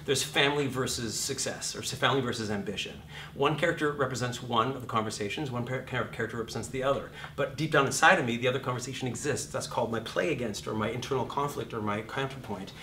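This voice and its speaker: A man's voice: medium pitch, fast, bright, forceful tone, echoey room, slight background noise. A man teaching acting to a live class in a hot room. He is blunt and profane, acts out quotes and sings notes.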